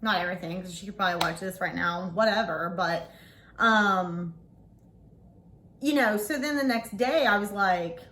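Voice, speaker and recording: A woman in her forties telling a story to camera in a casual vlog, blunt and animated, swearing freely. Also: medium pitch, normal speed, a little hiss or hum. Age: 40s. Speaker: vlogger.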